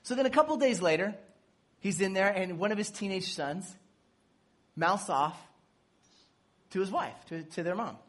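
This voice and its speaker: Animated preacher acting out dialogue. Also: medium pitch, moderate pace, long pauses. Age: adult with children. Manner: animated, acts out quoted dialogue; jokes and laughs while teaching. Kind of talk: casual sermon.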